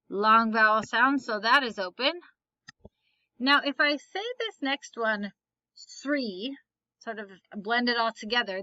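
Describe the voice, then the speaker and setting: A woman's voice: fairly high pitch, sharp tone, no room sound, dull audio. A woman teaching a phonics lesson, patiently asking questions and then answering them herself. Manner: patient, asks and answers her own questions.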